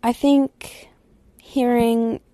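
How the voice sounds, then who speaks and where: A woman's voice: on the high side, little pitch movement, drawn-out words, warm tone, no echo. A young woman hosting a solo podcast, talking candidly and rambling, swearing freely and sometimes dropping to a whisper. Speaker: podcast host. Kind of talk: casual solo podcast chat.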